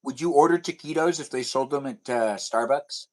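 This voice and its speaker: A man hosting a livestream in casual, playful chat, rambling and sometimes drawing words out slowly. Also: medium pitch, darkish tone. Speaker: livestream host.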